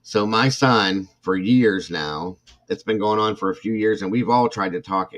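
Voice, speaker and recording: A man's voice: fairly low pitch, unhurried, a bit bright. An older man hosting a livestream, telling a family story in a rambling, heated way with many restarts. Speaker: host.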